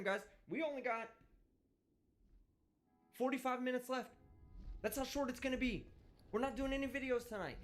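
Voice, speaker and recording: A man hosting a live stream, ranting casually and profanely in a brash, vulgar way. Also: sits high. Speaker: livestream host. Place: indoors, traveling.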